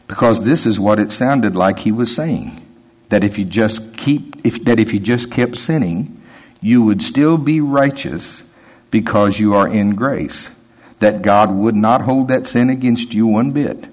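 Husky older guy preaching, chatty and emphatic, goes low and quiet on the quotes. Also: measured pace. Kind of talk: sermon.

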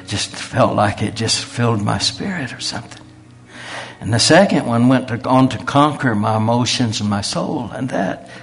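A man's voice: on the low side, gravelly, a bit bright. A man, preaching a sermon in a folksy storytelling way. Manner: folksy storytelling with quoted voices.

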